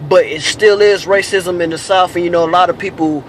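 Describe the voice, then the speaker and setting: A cab driver talks from inside his taxi in a slightly high voice, summing things up in a measured way with plenty of fillers. Faint road noise runs underneath. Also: fairly even intonation, rough recording. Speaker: taxi driver recording the show. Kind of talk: commentary on a recorded chat.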